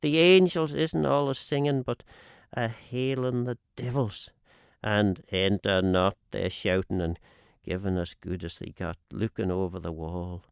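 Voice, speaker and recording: A man reading a dialect narrative poem aloud on radio, measured and expressive, lifting and dropping his voice for the quoted speakers. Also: vocal fry, smooth, no room sound, clean studio sound. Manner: measured and expressive, swinging pitch on quoted lines. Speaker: radio reader. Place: radio studio.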